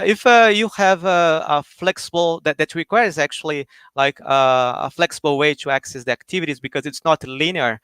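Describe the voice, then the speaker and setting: Man explaining software on a video call. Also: a little high, clean tone, no echo. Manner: many fillers and restarts, explanatory. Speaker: guest speaker, software engineer. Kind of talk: technical explanation on a live stream.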